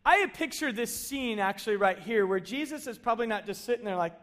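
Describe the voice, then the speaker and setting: A man with a bright, high-pitched voice gives a relaxed sermon that feels like storytelling. He is middle-aged and animated, often slipping into playful acted asides as he talks. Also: a little fast. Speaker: pastor.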